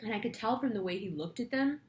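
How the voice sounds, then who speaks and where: A woman's voice: on the high side, lively intonation, fast, roomy sound. A woman astrology reader telling a rambling story in a casual monologue, chatty and swearing freely.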